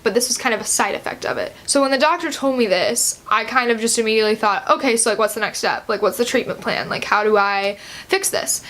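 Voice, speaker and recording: A woman's voice: fairly high pitch, fairly bright tone. A teenage girl of about seventeen vlogging a personal story, chatty and loose, with many "like" and "um" fillers. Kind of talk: casual personal story to camera.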